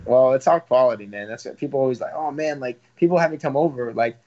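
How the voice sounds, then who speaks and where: A man's voice: mid-range voice, expressive, fast, dark tone. A young man, a professional fighter talking casually in an interview, rambling with lots of fillers and some swearing. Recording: slightly dull lo-fi audio.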